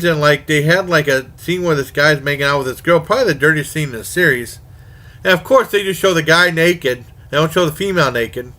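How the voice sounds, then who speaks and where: Rambling man with a bright tone. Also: a little high. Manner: rambling, self-correcting, many fillers. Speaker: horror movie reviewer. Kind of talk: casual spoken movie review.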